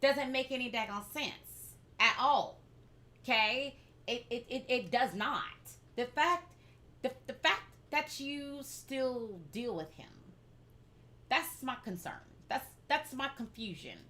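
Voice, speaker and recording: A woman's voice: high-pitched, expressive, slow, pushed and bright. A woman hosting as a love coach, talking emphatically and with sass to her listeners. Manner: emphatic, sassy, addresses listeners directly. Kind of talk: casual chat.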